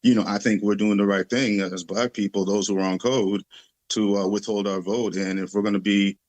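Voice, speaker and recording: A male guest speaking in a measured, steady way, with many fillers like "um" and "you know", during casual talk-show commentary. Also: lowish voice, no room sound, rough recording.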